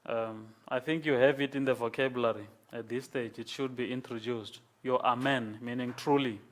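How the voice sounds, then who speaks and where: A man lecturing a class, explaining slowly and patiently and checking in with "okay?". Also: mid-range voice, steady tone.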